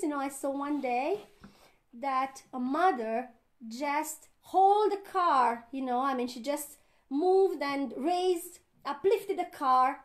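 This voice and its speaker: High-voiced woman giving a spiritual talk. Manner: earnest, laughs often, acts out inner voices. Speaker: spiritual teacher. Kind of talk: satsang talk.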